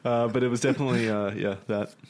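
A man's voice: mid-range voice, steady tone, quick pace, a little mellow. Hesitant male podcast co-host. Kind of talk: casual chat.

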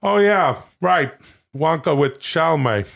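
A man's voice: a little high, animated, measured pace, gravelly, a bit bright. A man co-hosting a comedy podcast, rambling and fumbling over names as he talks. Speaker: podcast co-host. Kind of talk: casual comedy chat.

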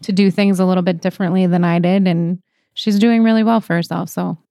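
A woman's voice: on the low side, fairly even intonation, brisk, gravelly, mellow, no echo, clean studio sound. A woman guest chatting casually on a podcast, upbeat and conversational. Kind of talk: casual chat.

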